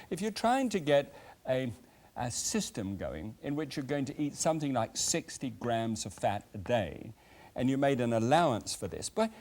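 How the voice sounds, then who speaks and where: Lively English cooking host, older man. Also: medium pitch. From England. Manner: chatty and animated, tasting food between remarks. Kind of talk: cooking demonstration chat.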